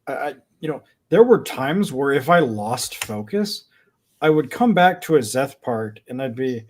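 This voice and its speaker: A man's voice: mid-range voice, very animated, measured pace. A man in casual book discussion, recapping scenes with repetition.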